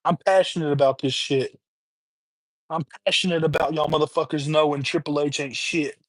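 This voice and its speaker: A man's voice: on the high side, fairly even intonation, normal speed, no echo. A man hosting a livestream, delivering a heated, profane, repetitive rant. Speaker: livestream host. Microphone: webcam or streaming mic.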